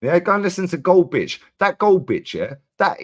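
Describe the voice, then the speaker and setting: A Londoner in a heated football debate, talking over the other side. His pitch moves a lot as he presses his point. He leans on slang and quick repeats. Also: sing-song. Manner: forceful, interrupts, repeats words and slang. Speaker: guest Arsenal fan.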